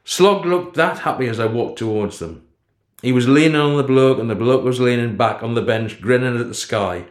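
Brief: male storyteller, mid-pitched, steady and low-key, echoey room. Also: normal speed. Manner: steady, low-key first-person narration. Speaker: narrator. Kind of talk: storybook reading.

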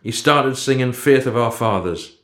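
A man reading a story aloud as narrator, in a measured, unhurried manner. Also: mid-range voice, fairly bright tone. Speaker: audiobook narrator. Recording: roomy echo.

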